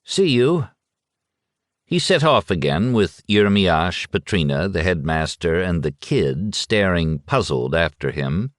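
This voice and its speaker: Man narrating in a deep, expressive voice. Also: unhurried, hardly any pauses, no room sound, studio quality. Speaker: audiobook narrator. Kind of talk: scripted literary narration.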